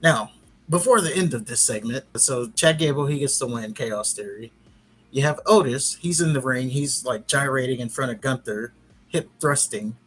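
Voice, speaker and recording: A man's voice: mid-range voice, moderate pace, fairly bright tone, husky. A man hosting a podcast, giving a casual, rambling recap with frequent restarts. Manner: rambling, chatty retelling with restarts. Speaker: podcast host.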